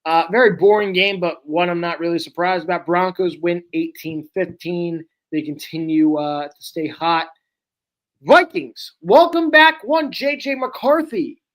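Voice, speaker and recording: A man's voice: high voice, unhurried, a bit bright. A young man co-hosting a podcast, giving blunt, opinionated takes in a casual sports chat. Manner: blunt, opinionated, trash-talking. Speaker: podcast co-host.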